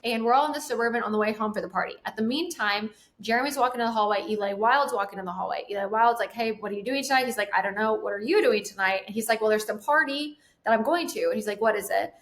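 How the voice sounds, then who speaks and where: A woman's voice: mid-range voice, fast, few pauses. A woman in her twenties, a guest telling a casual story and acting out the quotes in it. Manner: animated, acts out quotes, laughs often. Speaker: guest, sales trainer.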